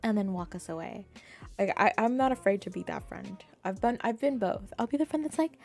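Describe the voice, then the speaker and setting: A young adult woman chatting casually with her live chat as a streamer, in a bubbly, animated manner full of fillers. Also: mid-range voice, brisk, creaky, faint music behind. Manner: bubbly, animated, lots of "like", acts out quoted voices.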